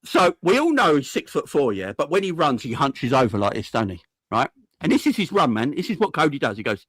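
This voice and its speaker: A man's voice: on the high side, fairly quick, husky, no echo. A man, ranting jokily and heatedly as a football fan pundit on a match reaction show. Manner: animated, exasperated, jokey rants.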